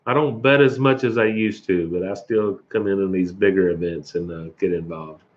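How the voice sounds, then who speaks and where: A middle-aged man hosts a casual livestream chat, chuckling, greeting viewers by name and coughing now and then. His voice sits low and he talks at normal speed, with dull lo-fi stream audio.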